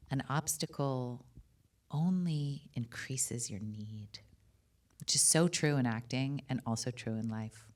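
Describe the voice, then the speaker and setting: A woman with a strikingly low, deep speaking voice, talking as a guest at a live on-stage interview. She is candid and chatty, with lots of asides and casual fillers. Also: a little mellow. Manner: chatty and candid, frequent laughs and "like". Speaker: filmmaker and actor, interview guest. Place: cinema auditorium with live audience.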